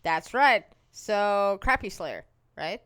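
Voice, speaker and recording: A woman's voice: mid-range voice, expressive, slow pace, a bit bright, smooth, dry recording. A woman co-hosting a casual podcast, reading news headlines aloud and reacting with short laughs. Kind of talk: casual chat.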